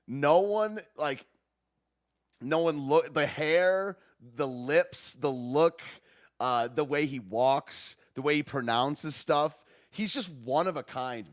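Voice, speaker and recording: A man hosting a podcast, chatting in an excitable, rambling way, dropping 'dude' and 'man' and laughing often. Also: fairly high pitch. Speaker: podcast host. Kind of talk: casual live-stream commentary.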